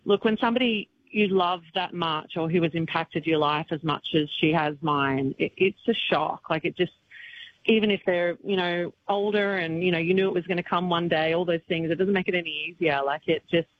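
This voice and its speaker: A woman's voice: fairly low pitch, a little fast, muffled recording, slight background noise. A woman country singer talking as an interview guest, grieving but chatty, with many restarts and fillers. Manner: tearful yet chatty, many restarts and fillers, laughs often. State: upset, grieving. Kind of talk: emotional casual chat.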